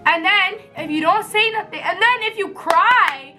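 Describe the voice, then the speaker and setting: Animated high-voiced young woman vlogger. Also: moderate pace, faint music behind. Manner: animated, laughs often, slangy and blunt. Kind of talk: casual storytelling.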